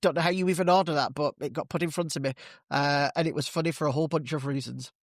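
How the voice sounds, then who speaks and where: A man hosting a podcast in casual solo chat, slightly hoarse, chatty and rambling. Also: fairly high pitch, steady tone, quick pace, no room sound, clean studio sound. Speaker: podcast host.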